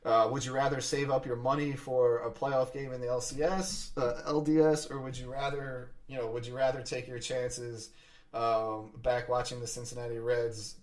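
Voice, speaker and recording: A man hosting a sports podcast, talking fast and excitedly in casual chat, often restarting his sentences. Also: mid-range voice, recorded from a distance. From Philadelphia area. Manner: fast, excited talk with frequent restarts and fillers.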